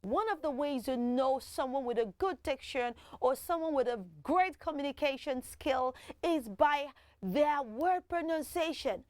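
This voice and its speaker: A woman hosting a children's TV show, teaching in an animated way and having kids repeat words after her. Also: high voice, a little slow, no room sound. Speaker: children's TV host.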